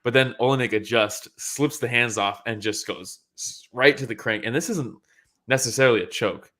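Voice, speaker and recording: A man co-hosting a casual fight breakdown podcast, talking excitedly, laughing often and acting out what fighters said. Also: mid-range voice, normal speed. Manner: excited, laughing, acts out quotes, swears casually. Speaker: podcast co-host.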